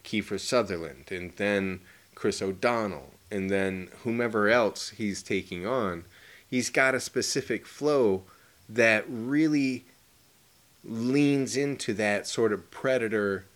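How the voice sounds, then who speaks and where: A man co-hosting a casual movie review chat, excitable and swearing freely as he acts out favorite lines. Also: fairly low pitch, slow. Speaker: podcast co-host.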